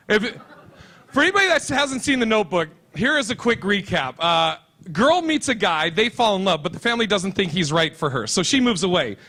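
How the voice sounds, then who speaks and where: Brash, high-voiced male stand-up comic. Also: pushed and bright. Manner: brash, crude, punchy delivery. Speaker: stand-up comedian. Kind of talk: stand-up comedy set. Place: convention stage.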